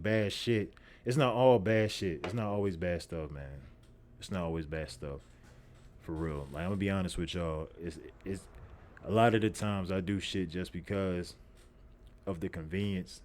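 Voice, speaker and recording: A man's voice: sits low, a little mellow. A young man, hosting a podcast and telling a story in a profane, repetitive, streetwise way. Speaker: podcast host. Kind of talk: casual storytelling monologue.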